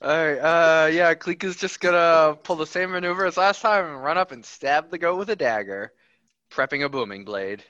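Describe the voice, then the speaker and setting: Brief: excitable male player, bright and lively, muffled lo-fi recording. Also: on the high side, normal speed, clear, resonant tone. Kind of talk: casual tabletop play. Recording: muffled lo-fi mic.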